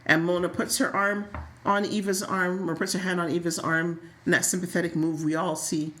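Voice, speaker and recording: A woman co-hosting a casual soap opera recap, telling stories in a lively, sassy way with frequent laughs. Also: fairly low pitch, normal speed, roomy sound. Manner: animated, laughing, sassy storytelling. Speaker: podcast co-host.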